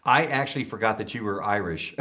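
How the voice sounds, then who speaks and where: Bright-voiced enthusiastic male interviewer. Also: fairly low pitch, brisk. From Texas. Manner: enthusiastic, complimentary. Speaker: entertainment interviewer. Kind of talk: casual interview chat.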